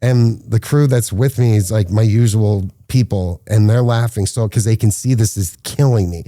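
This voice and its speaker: A man's voice: moderate pace, no echo, studio quality. A man, a filmmaker, telling stories casually in a podcast interview and acting out the quotes. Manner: animated storyteller, acts out quotes with rising pitch. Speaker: filmmaker guest.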